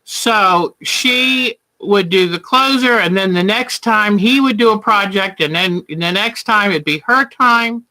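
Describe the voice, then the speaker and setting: Woman hosting a live quilting show, unhurried and chatty, bright tone, sweet-talks viewers. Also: mid-range voice. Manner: chatty, affectionate, calls viewers honey and hon. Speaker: quilting livestream host. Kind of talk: casual livestream chat while quilting.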